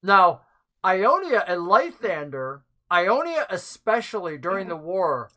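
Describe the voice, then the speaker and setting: A game master narrating a tabletop game in a relaxed way, with frequent filler words. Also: medium pitch, a little slow.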